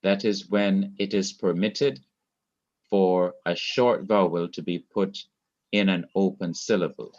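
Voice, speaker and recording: A low-voiced man with a Jamaican accent teaches grammar over an online class, taking his time and saying each rule twice so it sinks in. The audio is dull and lo-fi. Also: steady tone, darkish tone. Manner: slow, repeats key rules for emphasis. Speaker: Hebrew teacher.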